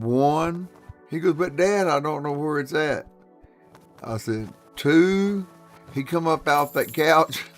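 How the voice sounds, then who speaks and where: A man with a gravelly, mid-pitched drawl tells folksy stories on a live stream. He laughs often and acts out each quote. Faint game music plays underneath. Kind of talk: casual storytelling on a live stream.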